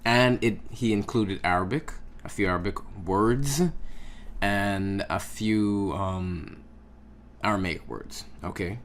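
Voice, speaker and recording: A man with a very low voice teaches a relaxed lesson at an unhurried pace. He explains patiently and checks in with his listeners often. A faint background hum sits under the recording. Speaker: Hebrew language teacher.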